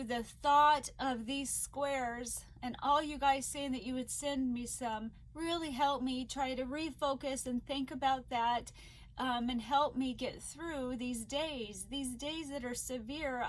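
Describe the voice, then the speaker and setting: Woman, middle-aged, high pitch, slow delivery, emotional fatigued vlogger, faint background hiss. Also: poor audio. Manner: emotional, laughs often and tears up. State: fatigued from an illness flare. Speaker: crochet vlogger. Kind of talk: casual vlog chat.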